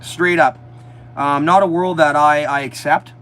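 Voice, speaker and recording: A man with a slightly high voice tells animated stories on a casual livestream, swearing freely and mocking as he goes. He is talking from inside a motorhome, and a faint vehicle hum sits behind him. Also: unhurried, poor audio. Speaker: livestream host.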